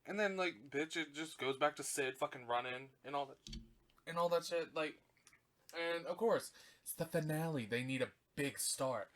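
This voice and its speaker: A man hosting a podcast, recapping a film in casual chat, swearing constantly and gushing or fuming as he retells the plot with fillers and quick self-corrections. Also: on the high side, a bit bright. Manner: profane, gushing and indignant, heavy swearing. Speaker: podcast host.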